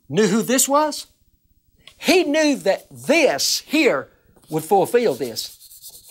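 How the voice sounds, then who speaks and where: A woman minister teaching the Bible on a television broadcast, earnest and emphatic, repeating words as she gets excited. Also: on the high side.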